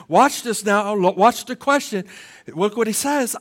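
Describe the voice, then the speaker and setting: A high-pitched male pastor gives a sermon in church, swinging between loud emphasis and slow, soft questioning. He often repeats words while launching into a phrase.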